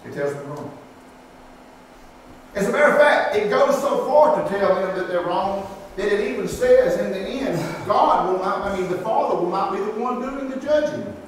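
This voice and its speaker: Male preacher, high voice, folksy sermon, distant mic in a reverberant church hall. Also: expressive, moderate pace. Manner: folksy, plain-spoken preaching with rhetorical questions to the congregation. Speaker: pastor. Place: church sanctuary. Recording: echoey hall from far off, faint noise.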